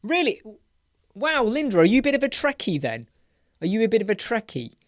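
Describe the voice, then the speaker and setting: A man's voice: high-pitched, huge pitch swings, a little fast, dry recording, studio quality. An English man hosting a casual live Q&A stream from a room at home, chatty and playful, rambling between questions. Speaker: web design live stream host.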